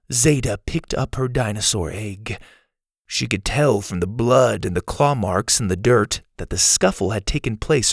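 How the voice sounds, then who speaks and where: A man's voice: medium pitch, creaky, dry recording, studio quality. A man narrating a children's story and thanking listeners as host of the show.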